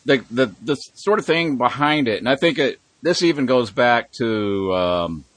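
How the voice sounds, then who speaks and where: A man's voice: medium pitch, animated, unhurried, a bit bright, no room sound. A man hosting a podcast in casual chat, rambling and swearing with emphatic bursts. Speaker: podcast host.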